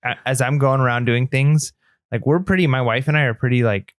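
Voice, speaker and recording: A man's voice: medium pitch, fairly even intonation, brisk, no echo, clean studio sound. A man co-hosting a podcast in casual chat, talking earnestly and rambling with lots of "like" fillers. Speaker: podcast co-host.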